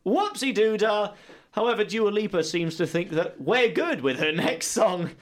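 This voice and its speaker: A young man co-hosting a casual community radio show, playful and excitable with jokey banter. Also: high-pitched, a little slow. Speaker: radio co-host.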